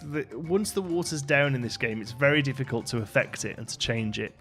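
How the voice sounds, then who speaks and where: A man's voice: medium pitch, brisk, a bit bright, faint music behind. A tired man chatting casually over a building game, rambling with plenty of fillers and self-deprecating asides. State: tired, yawning. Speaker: gaming YouTuber. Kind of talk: casual let's play commentary.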